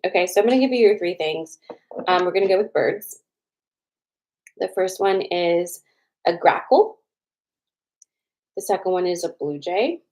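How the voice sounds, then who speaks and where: A young adult woman hosts a casual livestream, greeting viewers by name and slowly repeating their choices before a card reading. Her voice is lowish, animated and darkish in tone, and the recording is rough.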